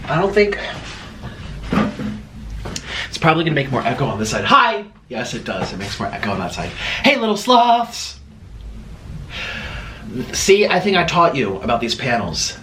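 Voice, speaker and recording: Male mukbang host, chatty and rambling, lively pitch, echoey room tone. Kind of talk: casual chat while eating. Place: room at home. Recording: echoey room with faint background noise.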